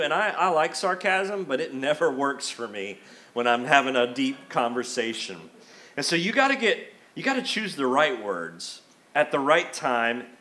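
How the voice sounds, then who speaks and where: A man's voice: on the high side, fairly bright tone. A middle-aged man preaching a sermon as a pastor, conversational and emphatic, acting out quotes in the middle of his points. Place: church sanctuary.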